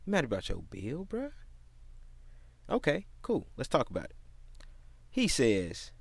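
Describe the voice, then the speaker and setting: A man tells a casual story in a profane, exasperated rant. His pitch swings widely and dramatically. The recording is dry and close. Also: wildly swooping pitch, measured pace, vocal fry, long pauses, husky, no echo.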